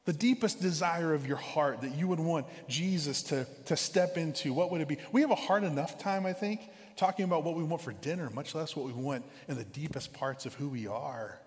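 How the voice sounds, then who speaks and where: A man's voice: on the high side, brisk, few pauses, darkish tone. A male pastor giving a casual, conversational sermon in a church, often repeating words while thinking aloud. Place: church sanctuary. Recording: reverberant church hall.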